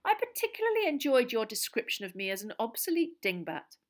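A woman voicing a courteous, gently wry old male wizard headmaster. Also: on the high side, sing-song, brisk, pitched above the performer's own voice.

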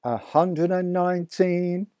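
A man doing an excitable, awestruck father. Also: sits high, slow pace, no echo, studio quality, pitched above the performer's own voice. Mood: awed. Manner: exclaiming, breathless with excitement. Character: excitable delighted adult father.

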